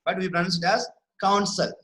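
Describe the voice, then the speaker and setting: Bright-voiced teacher. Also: male voice, fairly high pitch, lively intonation, moderate pace, low-quality recording. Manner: repeats words for emphasis, checks understanding often. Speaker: English teacher. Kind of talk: online class lecture.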